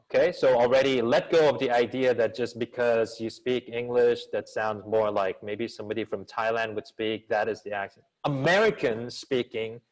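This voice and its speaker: Man, professor, communication coach, video call audio, energetic, expressive, rhetorical questions, middle pitch. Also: normal speed, hardly any pauses, poor audio. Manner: actor's expressive delivery. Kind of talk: answering questions in an online seminar.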